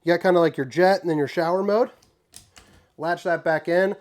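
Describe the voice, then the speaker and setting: A man hosting a casual walkthrough tour inside an RV, talking in a folksy, joking way with relaxed slang. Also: on the high side, normal speed. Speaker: RV tour host.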